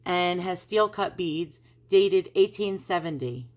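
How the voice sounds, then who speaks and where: Chatty New woman, lowish voice. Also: slow. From New York. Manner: chatty, rambling, repeats herself. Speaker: antiques vlogger. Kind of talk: casual chat to camera. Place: at home.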